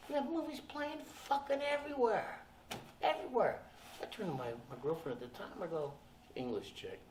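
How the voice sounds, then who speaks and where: An older man spins profane, laughing stories for a convention panel. His voice sits a little high and swings widely in pitch. It is heard from a distance in a roomy, echoing hall with faint noise behind. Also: creaky. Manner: profane, animated, laughing storyteller. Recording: echoey hall, from far off.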